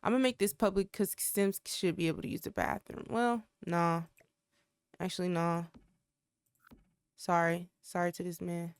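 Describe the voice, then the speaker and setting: Addressing viewers directly, the host of a life-simulation gaming channel gives lively, exclamatory let's play chatter. She has a lowish, smooth voice with a steady tone, talking at normal speed with frequent pauses, and there's no room sound.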